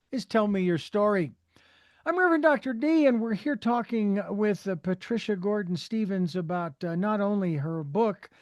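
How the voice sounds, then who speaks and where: A man in his sixties from Phoenix, Arizona, hosts an interview show in a high-pitched voice. He rambles and hesitates with many fillers. The sound is dry and close, with no room echo. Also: darkish tone. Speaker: radio show host. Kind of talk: interview hosting.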